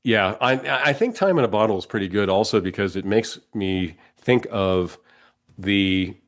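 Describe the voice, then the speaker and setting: Low-voiced man with a cold, rambling chat. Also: animated, moderate pace. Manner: rambling, self-interrupting, laughs often. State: has a cold. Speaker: podcast co-host. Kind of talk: casual chat.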